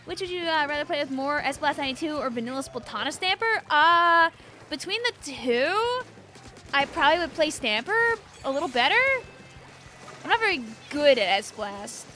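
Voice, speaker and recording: Young woman streamer, chatty and excitable. Bright, sharp voice with faint game music under it. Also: high voice. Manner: chatty and excitable, many fillers and quick reactions. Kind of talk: live gameplay commentary.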